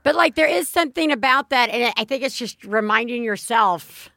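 A woman's voice: a little high, lively intonation, moderate pace, creaky, pushed and bright, no room sound, clean studio sound. A woman in her thirties co-hosting a casual chat, rambling with frequent fillers and restarts. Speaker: podcast co-host.

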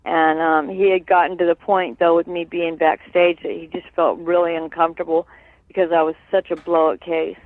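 A man's voice: a little high, flat delivery, normal speed, no echo. A man recalling old memories in an interview, rambling with many fillers and tagging on "right?". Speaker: guest. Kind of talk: reminiscing interview. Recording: tinny phone line.

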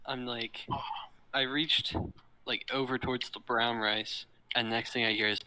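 A young man in casual chat with friends, telling an animated story from work and swearing freely. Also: mid-range voice, measured pace, smooth, low-quality recording.

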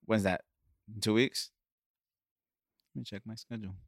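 Young male podcast co-host, relaxed and lowish, casual slang and swearing, dry sound. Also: moderate pace, vocal fry, no echo. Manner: laid-back, swears a lot, says "bro".

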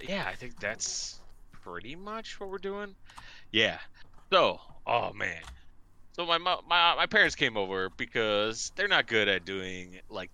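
A man in casual chat, telling an animated story, swearing freely and acting out both sides of each exchange. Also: on the low side.

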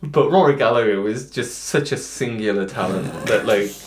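A man's voice: on the low side, moderate pace, roomy sound. A man hosting a podcast, chatting casually and self-deprecatingly with a guest at home. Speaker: podcast host. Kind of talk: casual chat. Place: home room, shared with guest.

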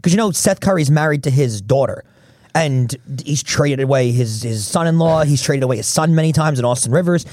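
A male sports podcast host who talks quickly and argues his points with emphasis. His voice sits a little high, and the sound is dry and close. He comes across as opinionated in casual chat. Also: animated, a little mellow, no room sound. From Philadelphia area.

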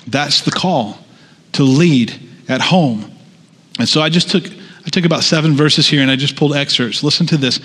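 A man's voice: on the high side, normal speed, a bit bright, slightly rough. A man preaching a sermon in a conversational way, with asides and restarts. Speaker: pastor. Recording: long hall reverb.

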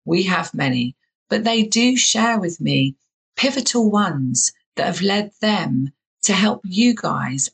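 Gravelly Southern English woman host. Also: lowish voice, low-quality recording. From England. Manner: enthusiastic, lots of affirming "yeah". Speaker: podcast host. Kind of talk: casual interview chat. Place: home in the UK, remote call.

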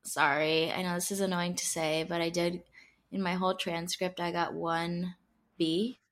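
A woman's voice: fairly low pitch, level tone, normal speed. Chatty woman in her twenties. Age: 20s. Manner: chatty, many "like" fillers and self-conscious asides. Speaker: podcast co-host. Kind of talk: casual chat.

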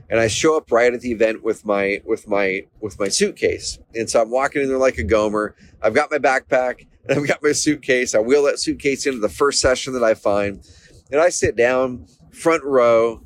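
A man from Oregon in his thirties, telling a personal story as a lesson, energetic, with quick restarts and animated quotes. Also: mid-range voice. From Oregon, USA. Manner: energetic, animated quoting of others, frequent restarts. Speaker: business coach.

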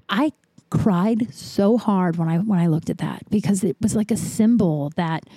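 Mellow-voiced woman rambling confessionally. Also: mid-range voice, no room sound. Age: 30s. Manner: rambling and confessional, with many fillers and "right?". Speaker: podcast host. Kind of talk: casual solo podcast monologue.

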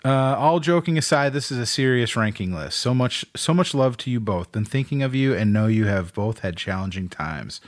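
A man's voice: medium pitch, animated, moderate pace, few pauses, no room sound. A man co-hosting a podcast in casual chat, reading out listener lists with loose laughter and free swearing. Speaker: podcast co-host.

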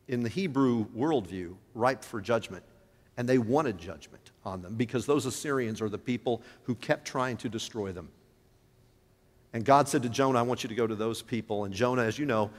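A man who is a pastor, preaching a sermon with emphatic rises and drops in his voice. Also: mid-range voice. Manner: emphatic preaching, voice rising and falling. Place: church sanctuary. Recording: long hall reverb.

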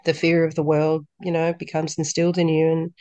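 A woman, a podcast guest telling stories in a lively way and acting out dialogue. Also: low voice, fairly quick, dry recording, dull audio. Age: 30s. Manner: lively storyteller who acts out quoted dialogue. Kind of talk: casual interview chat.

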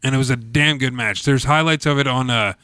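Animated jokey male podcast host. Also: fairly quick, clean tone, no room sound. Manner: animated, jokey, reads ad with big pitch swings. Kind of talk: casual wrestling chat with read ad.

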